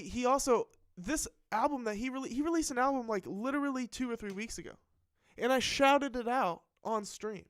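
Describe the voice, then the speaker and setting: Rambling livestream host, dry close sound. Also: male voice, high voice, smooth, no echo. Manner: rambling, swearing, animated storytelling. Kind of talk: casual livestream chat.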